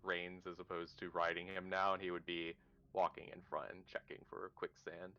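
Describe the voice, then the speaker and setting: A man's voice: low-pitched, monotone, normal speed, sharp tone. A man playing in a tabletop game, laid-back with chuckling asides. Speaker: player. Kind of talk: casual tabletop game chat. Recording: dull lo-fi mic.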